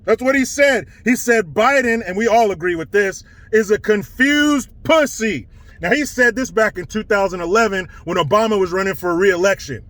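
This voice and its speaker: A man's voice: high voice, normal speed, fairly bright tone, no echo. A man giving a profane, sarcastic rant as an online commentator, mocking as he goes. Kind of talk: ranting commentary.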